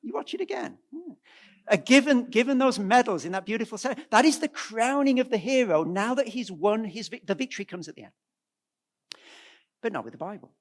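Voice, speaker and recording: A middle-aged man giving a presentation at a church, animated and asking the audience rhetorical questions. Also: extremely high pitch, brisk. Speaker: guest speaker.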